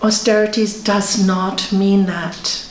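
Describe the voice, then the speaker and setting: A woman's voice: mid-range voice, slow pace, a little hiss or hum. A woman yoga teacher giving a conversational spiritual talk, telling stories and acting out what people said. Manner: conversational, animated, tells stories with acted quotes. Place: yoga centre hall. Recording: echoey room.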